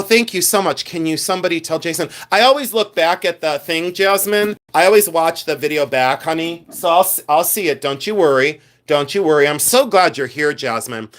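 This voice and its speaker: A middle-aged man hosting a live reseller stream, chatting animatedly and reading viewer comments aloud as he shows his finds. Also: on the high side. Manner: mimics shouting collectors for laughs. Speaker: reseller host. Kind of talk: live-stream show-and-tell chat.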